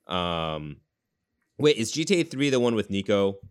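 A man's voice: fairly low pitch, sing-song, a little slow, smooth. A man hosting a podcast in a rambling casual chat, full of fillers and restarts. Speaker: podcast host.

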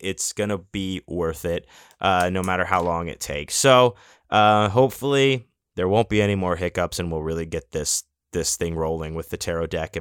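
A man's voice: low voice, clean tone, no echo, clean studio sound. A man hosting a podcast, talking in a casual, rambling monologue full of restarts and fillers, with the odd swear word. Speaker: podcast host.

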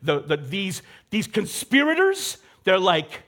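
A man's voice: high voice, very animated, measured pace, a bit bright. A young man preaching a casual, conversational sermon, acting out the characters he quotes. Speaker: pastor.

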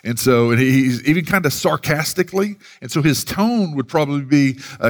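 A man's voice: a little high, animated, a little fast. Man preaching a casual, rambling sermon. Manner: casual, rambling delivery with many fillers and restarts. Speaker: pastor.

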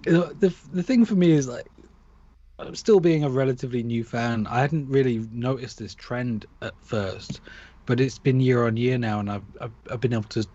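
A man's voice: medium pitch, moderate pace, warm tone, muffled recording. A man in casual sports chat, ranting with exasperation and mock quotes.

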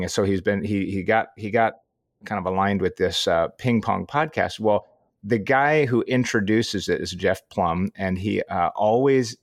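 A man's voice: fairly low pitch, dry recording, studio quality. A middle-aged man co-hosting a podcast in casual chat, telling a story at an easy pace with frequent chuckles. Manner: unhurried storytelling, chuckles often. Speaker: podcast co-host.

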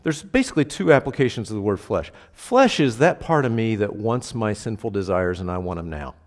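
A man's voice: on the low side, very animated, fairly quick. A man preaching a casual, conversational sermon, often checking in with the congregation and punching key words. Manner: casual, asks the congregation questions, emphatic bursts. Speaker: pastor. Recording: reverberant hall.

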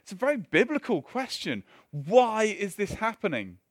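A male preacher delivering a sermon in a loose, conversational way, breaking off for wry asides and restarting his sentences. His voice sits fairly high for a man and sounds close and dry, with little room around it. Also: very animated, moderate pace, dry recording.

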